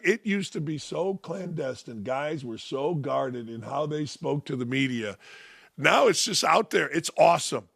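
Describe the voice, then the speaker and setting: A man's voice: on the high side, lively intonation, measured pace, gravelly, fairly bright tone, slightly rough, dry recording. An older man hosting a sports talk show, delivering an opinionated, sarcastic monologue with mocking asides from a studio mic.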